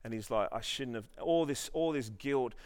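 A man's voice: medium pitch, normal speed, clear, resonant tone. A man preaching a sermon, telling a story with many restarts and then leading the congregation in earnest prayer. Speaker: pastor.

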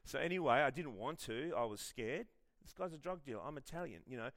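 A middle-aged Australian man preaching a sermon in a lively, conversational way, telling personal stories with self-deprecating humour. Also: medium pitch, fairly quick. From Western Australia. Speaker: pastor.

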